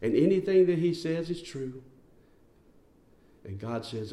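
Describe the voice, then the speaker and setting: A man's voice: a little high, animated, a little slow, mellow, roomy sound. A man preaching a sermon in an emphatic, conversational way, often asking his listeners rhetorical questions.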